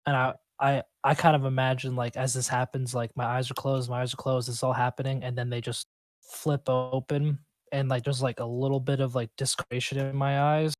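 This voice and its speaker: A man's voice: mid-range voice, flat delivery, a little fast, dry recording. Brief: rambling male player, casual chat, dry close mic. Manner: rambling, lots of "like".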